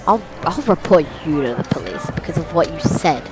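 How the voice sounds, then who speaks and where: A man with a British accent in casual game voice chat, breaking into excited, shrill outbursts. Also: fairly quick, over music, low-quality recording. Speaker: gamer in voice chat.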